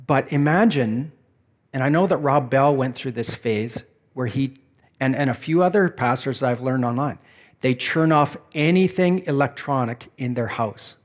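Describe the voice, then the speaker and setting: A man's voice: medium pitch, normal speed. A man preaching a sermon in a conversational, reflective way, asking the listeners questions. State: back pain.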